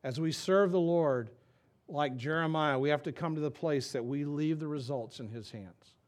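A middle-aged male pastor delivering a sermon in a slightly raised voice. He reads scripture with dramatic force, then drops to quiet, confiding asides. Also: on the high side, normal speed. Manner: dramatic scripture reading, swings from loud to quiet.

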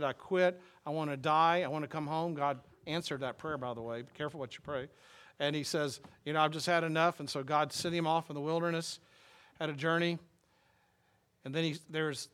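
A male pastor preaches in a relaxed, conversational style, rambling through stories with plenty of "you know" fillers. His voice sits a little high for a man. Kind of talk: sermon.

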